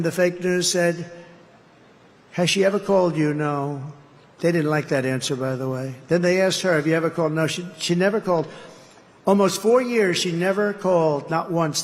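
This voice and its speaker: A man's voice: high-pitched, in a large hall. A man giving a campaign rally speech, rambling and repetitive with boastful asides. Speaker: political candidate addressing a rally.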